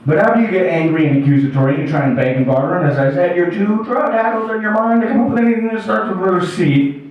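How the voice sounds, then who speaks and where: A high-pitched American man does a rowdy stand-up set at a house party. He shouts and half-sings his rants. He is caught by a distant camera in a very echoey room. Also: fast talker, dull audio. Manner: rowdy, shouting and singing when ranting as himself. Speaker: stand-up comedian. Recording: very echoey room, far from mic.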